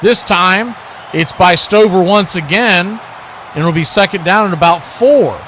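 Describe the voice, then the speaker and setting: Bright-voiced man calling football play-by-play. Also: high-pitched, a little hiss or hum. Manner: brisk, calls plays as they happen, rises sharply on big plays. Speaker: play-by-play announcer. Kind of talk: live football play-by-play commentary.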